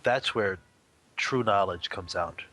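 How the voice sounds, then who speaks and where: A man with a lowish voice speaks slowly, sharing teaching stories in an easygoing, rambling way. He brings the stories to life by acting out the voices in them.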